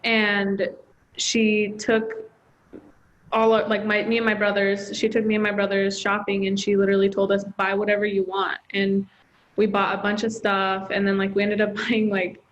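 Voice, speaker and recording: A woman's voice: mid-range voice, completely flat delivery, normal speed, slight background noise, poor audio. A young woman, a college student, telling a personal story in an interview, heartfelt and chatty with lots of filler words. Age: young adult. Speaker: student guest.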